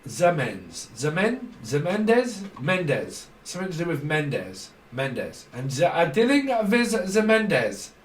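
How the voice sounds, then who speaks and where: A man's voice: fairly high pitch, wildly swooping pitch, takes it slowly, hardly any pauses, slight background noise. Rambling tarot reader man. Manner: rambling word association, frequent laughs, trailing restarts. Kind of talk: casual channelled tarot reading. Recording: roomy echo, mic at a distance.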